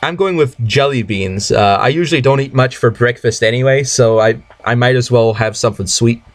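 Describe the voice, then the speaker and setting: A man's voice: medium pitch, a little fast. A young man co-hosting a casual podcast over a video call, speaking hesitantly and stammering. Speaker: podcast co-host.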